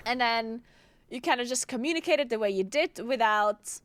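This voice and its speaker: A woman's voice: on the high side, normal speed, a bit bright, smooth. A young woman from Tyrol, chatting casually on a game stream, full of fillers and swearing. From South Tyrol. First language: German dialect. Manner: chatty, many "like" fillers, swears, laughs often. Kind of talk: casual live-stream chat while gaming.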